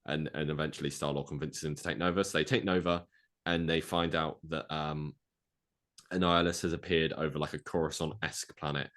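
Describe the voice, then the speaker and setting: A man co-hosting a podcast, rambling through a movie plot pitch with lots of fillers and acted-out quotes. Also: flat delivery, a little fast, a bit bright. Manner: rambling, filler-heavy, acts out quoted lines. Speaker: podcast co-host.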